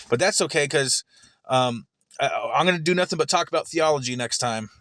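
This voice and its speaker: A man's voice: a little high, fairly quick, a bit bright, dry recording. A man giving heated, profanity-filled commentary, often stammering and repeating words as he reacts to a recorded argument. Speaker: streamer reacting to a recorded debate.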